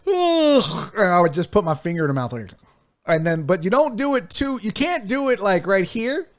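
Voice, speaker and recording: A man's voice: sits high, expressive, fairly quick. A man hosting a casual sports talk show, joking and rambling as he goes. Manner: joking, rambling, drifts into bits.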